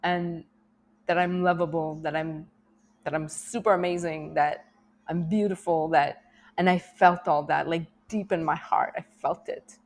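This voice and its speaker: A middle-aged woman speaks in an open, emotional personal vlog. Her voice sits a little low, and she rambles, laughs often and restarts her thoughts as she goes. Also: fairly even intonation, unhurried, a little mellow, slight background noise. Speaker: vlogger.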